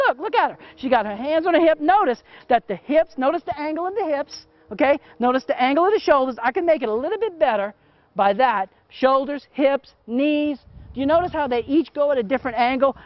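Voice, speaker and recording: With no room sound and a dull, muffled quality, the recording captures a middle-aged man with a very high voice. He teaches photography while working in a hands-on demo. His talk is casual and chatty, often punctuated by "okay?".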